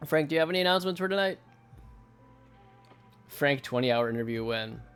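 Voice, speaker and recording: Gravelly-voiced man chatting on a stream. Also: fairly high pitch, animated, brisk, a bit bright, faint music behind. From United States. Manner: chatty, laughs often, rambling. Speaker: artist streamer. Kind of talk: casual livestream chat while drawing. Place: home studio at night.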